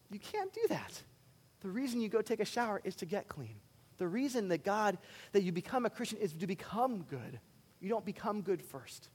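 In a large hall, a male pastor with a high voice preaches animatedly, shifting between loud, emphatic bursts and quiet, earnest asides.

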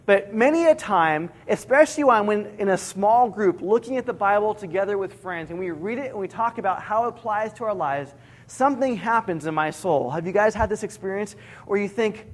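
A middle-aged man preaching a sermon, earnest, slowing down to repeat each key point for emphasis. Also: high voice, lively intonation. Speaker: pastor.

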